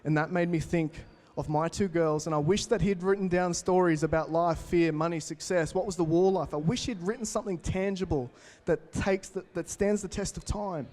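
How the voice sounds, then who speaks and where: Young Aussie keynote speaker, twenties, upbeat storyteller with a slightly high voice who works the crowd. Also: male voice, normal speed, few pauses. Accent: Australian. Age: 20s. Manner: energetic, storytelling, addresses the crowd directly. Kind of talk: motivational talk to a live audience.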